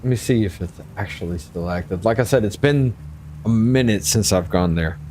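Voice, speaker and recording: A man's voice: lowish voice, moderate pace, warm tone, a little hiss or hum. A tipsy man, hosting a casual conversation, arguing emphatically and swearing freely. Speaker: host.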